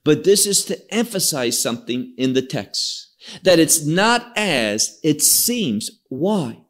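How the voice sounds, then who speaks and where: Slow, lively-pitched male preacher. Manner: emphatic, explanatory, stresses key words. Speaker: Bible teacher. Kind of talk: expository sermon.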